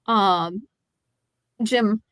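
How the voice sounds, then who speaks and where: A woman's voice: mid-range voice, fairly bright tone, smooth, no echo. Analytical woman co-host, dry sound. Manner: informative, analytical, measured. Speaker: podcast co-host. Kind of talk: casual movie review chat.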